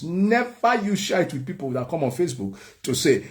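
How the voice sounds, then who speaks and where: A man's voice: fairly high pitch, sing-song, moderate pace, few pauses. A Nigerian man preaching a humorous sermon, joking and laughing often. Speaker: prophet and preacher.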